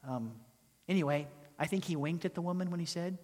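Animated high-voiced preacher in a reverberant hall. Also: male voice, brisk, slight background noise. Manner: animated, questions the congregation, acts out quoted voices. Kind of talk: storytelling sermon.

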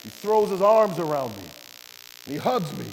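A man preaching a sermon, telling a testimony with passion, his voice swinging from hushed to loud. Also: sits high, big pitch swings, normal speed. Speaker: preacher and doctor. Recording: long hall reverb with electrical hum and hiss.

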